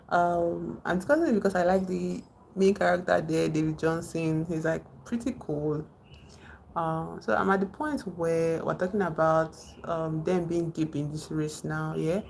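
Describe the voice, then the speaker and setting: Nigerian woman streamer, low gravelly voice, rambling and chatty. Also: steady tone, normal speed, a little mellow, a little hiss or hum. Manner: rambling, retells film scenes, greets chat viewers. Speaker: livestream host. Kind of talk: casual livestream chat.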